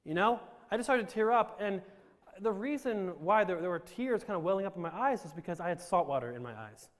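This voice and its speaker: Man, high voice, joking storyteller, self-deprecating, reverberant hall. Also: expressive, fairly quick. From Romania. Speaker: speaker telling his life story. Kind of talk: humorous storytelling to a live audience.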